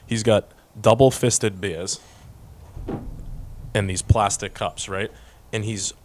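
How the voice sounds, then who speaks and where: A man co-hosting a podcast, telling stories in a slangy, animated way and acting out quotes. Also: on the low side, slow, background noise. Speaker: podcast co-host. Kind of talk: casual chat, storytelling.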